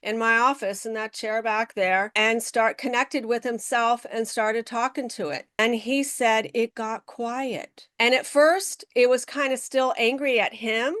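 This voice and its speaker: A woman guest on a podcast interview, telling stories in an animated way and acting out the people she quotes, speaking from her office. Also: on the high side, a little slow, hardly any pauses, no room sound, studio quality. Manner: animated storytelling, acts out quoted voices.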